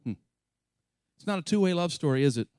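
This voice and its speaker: A man's voice: animated, a little fast, darkish tone, smooth, dry recording. A man preaching a sermon, passionate and emphatic, with chatty asides to his congregation. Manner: impassioned, rising to high emphatic peaks when quoting scripture. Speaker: pastor.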